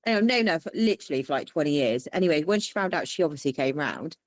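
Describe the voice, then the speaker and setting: A woman's voice: low voice, lively intonation, fast talker, no room sound. A woman guest telling frank, funny stories with lots of swearing and laughter. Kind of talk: candid storytelling interview.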